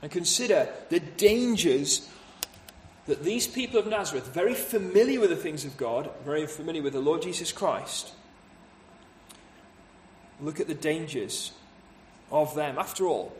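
A man's voice: fairly high pitch, animated, moderate pace, echoey room, a little hiss or hum. A man preaching a sermon, explaining scripture with rhetorical questions and acting out the voices of townspeople.

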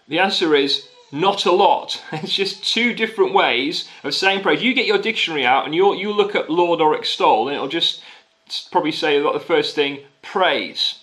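A man's voice: fairly high pitch, a bit bright, rough recording. A man preaching a sermon in a conversational, emphatic way, repeating key phrases and often restarting sentences. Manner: conversational with frequent restarts and fillers.

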